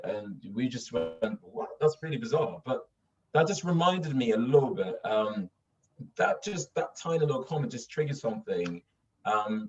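A man's voice: medium pitch, a little mellow, slight background noise. A young adult man from northern England with a well-spoken English accent, telling stories in an interview with many fillers and restarts. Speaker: voice actor. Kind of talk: casual interview storytelling. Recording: dull distant mic.

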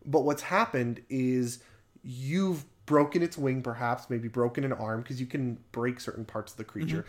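A man co-hosting a casual podcast chat, animated, laughing often and swearing freely. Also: mid-range voice, normal speed. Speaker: podcast co-host.

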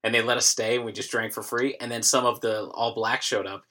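Bright-voiced man telling a story on a podcast. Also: mid-range voice, flat delivery, a little fast. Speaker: podcast co-host. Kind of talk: casual podcast banter.

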